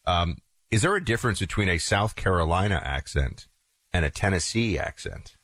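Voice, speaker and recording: Man from the northeastern US, talk show co-host, low voice, dry close sound, rambling animated anecdotes. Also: moderate pace, no echo. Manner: digressive storytelling, animated asides. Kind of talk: casual conversational chat.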